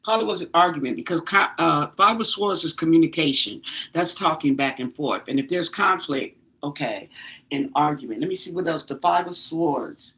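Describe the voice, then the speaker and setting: A woman doing a casual tarot reading for viewers, exclamatory and animated, pleading with the cards to tell her more. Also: low-pitched, moderate pace. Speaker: tarot reader.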